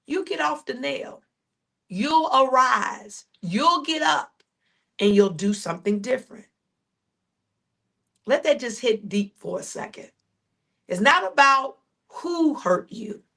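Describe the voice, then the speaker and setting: A woman's voice: a little high, gravelly, fairly bright tone. Emphatic woman preaching with repeated refrains. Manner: emphatic preaching with repeated phrases and questions to listeners; shifts between quick storytelling and slow, drawn-out declarations. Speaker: preacher and podcast host. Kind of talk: sermon.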